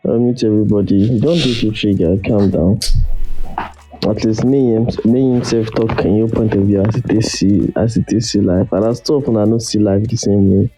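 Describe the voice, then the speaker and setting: A low, very mellow-voiced man with a Nigerian accent, steady and soothing as he moderates. Faint music plays behind him. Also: brisk, few pauses, rough recording. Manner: soothing, trying to calm things.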